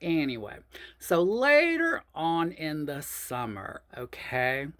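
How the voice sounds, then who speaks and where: Animated woman in her fifties. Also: deep voice, takes it slowly. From New Orleans, USA. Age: 50s. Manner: animated, profane, chatty, addresses listeners as y'all. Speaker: host. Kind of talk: casual personal storytelling.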